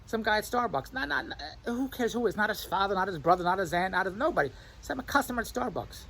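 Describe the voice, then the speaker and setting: Older guy rambling fast into his camera, animated, a little noise in the background. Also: high-pitched, rough recording. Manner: animated, repetitive, mimics others' voices. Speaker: vlogger. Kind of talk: rambling self-recorded monologue.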